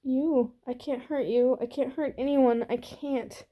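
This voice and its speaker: A woman reading the part of a frightened, tearful young woman who speaks in tiny, halting whispers. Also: sits high, fairly even intonation, warm tone, voice pushed up.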